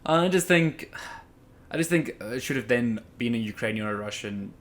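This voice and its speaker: A young man from South Africa co-hosts a casual chat. His voice is mid-pitched, with a faint hiss behind it. He is animated, cuts in quickly, and repeats words as he works up to a point. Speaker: podcast co-host.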